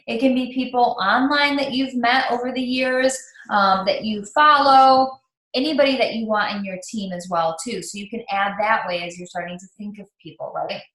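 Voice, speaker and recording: A woman's voice: fairly high pitch, fairly even intonation, moderate pace, a bit bright, echoey room. A woman leading a live online training for new team members, talking in a chatty, upbeat way with lots of ums and restarts.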